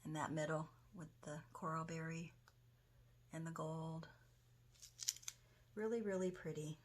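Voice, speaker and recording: Woman host, casual tutorial, enthusiastic, slightly low pitch, home studio with faint noise. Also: steady tone, measured pace. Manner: chatty, enthusiastic, talks while working. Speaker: craft video host.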